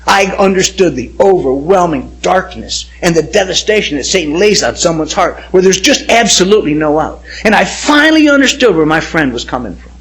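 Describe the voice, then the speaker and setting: A middle-aged man preaching his own testimony, his voice sitting high for a man and swinging widely up and down as he presses each point. He speaks with emphatic, impassioned conviction, as a pastor addressing his congregation. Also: lively intonation, fairly quick, few pauses, fairly bright tone, slight background noise, rough recording. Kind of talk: personal testimony sermon.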